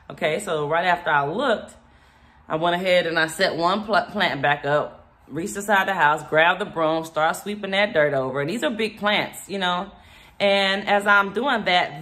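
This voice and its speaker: A woman tells a long, rambling story in a bright, forward voice. She slips into the voices of the people in her story as she talks. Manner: animated, rambling, acts out quotes with raised pitch. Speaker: homeowner telling a story. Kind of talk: casual storytelling.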